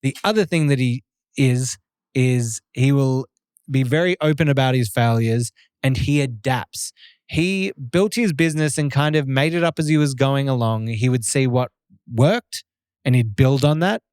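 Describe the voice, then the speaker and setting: Man, podcast co-host, upbeat and teasing, casual chat, mid pitch, dry. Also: darkish tone, clear, resonant tone, dry recording. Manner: upbeat, teasing, quick to laugh.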